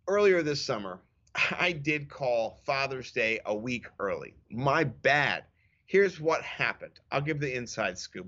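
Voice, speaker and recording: A man in his thirties co-hosting a casual podcast, telling stories in an animated, self-mocking way. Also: mid-range voice, muffled recording. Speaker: podcast co-host. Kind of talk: casual chat.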